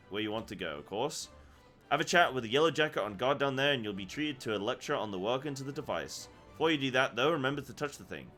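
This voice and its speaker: A brash old barkeep talks in a rough seafaring dialect, as a man reading game dialogue puts him on. His voice sits at a middling pitch, gruff and hearty, with some faint music in the background. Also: a bit bright, lightly acted. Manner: reads quest text aloud in a put-on rough seafaring dialect.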